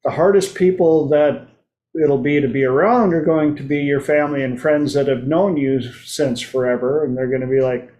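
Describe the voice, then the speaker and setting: A man's voice: medium pitch, normal speed, a little mellow. A man hosting his own talk show, speaking in a loose, playful monologue and acting out quoted voices now and then. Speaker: host. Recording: roomy echo.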